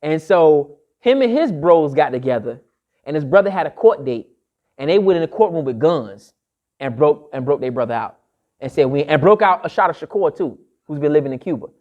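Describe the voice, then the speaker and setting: A man's voice: on the high side, lively intonation, brisk, narrow, tinny audio. A man lecturing to a live audience, emphatic and repeating his key phrases like a refrain. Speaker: speaker addressing an audience.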